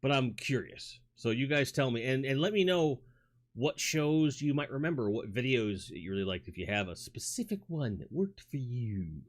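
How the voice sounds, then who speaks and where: A man's voice: mid-range voice, very animated, normal speed. A man with a New York accent hosting a casual livestream from home on a studio mic, rambling, reading chat aloud, with lots of fillers and restarts. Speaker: livestream host. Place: home toy room. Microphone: studio microphone.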